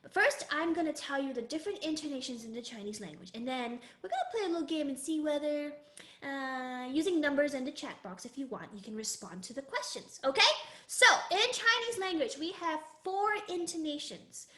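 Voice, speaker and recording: A woman teaching a live online music and Mandarin lesson to children in an animated, sing-song manner. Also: sits high, a little fast, echoey room. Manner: animated, sing-song, calls herself in third person. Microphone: video call.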